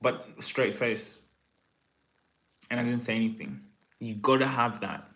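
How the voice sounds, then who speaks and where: A man casually telling a confident anecdote about pitching to a finance company. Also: a little slow. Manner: relaxed, confident, loose anecdotal delivery. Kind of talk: casual storytelling.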